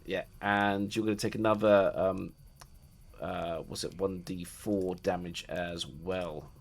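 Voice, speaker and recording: Low-voiced man running a tabletop game. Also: steady tone, slow pace, creaky. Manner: loose, hesitant narration, often laughing. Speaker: game master.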